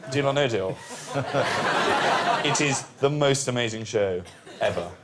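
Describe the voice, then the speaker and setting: A British man in the middle of his range chats on a quiz panel. He tells stories eagerly, laughing through them. Background noise hangs in the studio. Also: medium pitch. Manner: enthusiastic, laughing storyteller. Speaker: panel guest. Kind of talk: casual banter.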